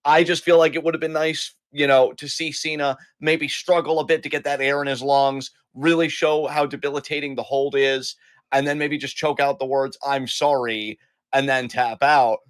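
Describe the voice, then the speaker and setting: A man's voice: fairly high pitch, little pitch movement, normal speed, dry recording. A man co-hosting a weekly podcast in casual chat, rambling and correcting himself as he goes. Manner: rambling, self-correcting, chatty. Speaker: podcast co-host.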